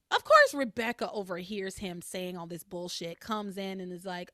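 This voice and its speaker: Animated, swearing podcast woman. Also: mid-range voice, a little slow, dry recording, clean studio sound. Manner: animated, expressive, swears freely. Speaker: podcast host. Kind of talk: casual chat.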